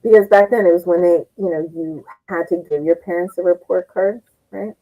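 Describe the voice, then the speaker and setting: This guest comedian, a middle-aged woman of Japanese heritage, rambles through funny stories, often laughing and acting out others' lines. She speaks a little fast, low and fairly even, with a dark tone on a rough recording.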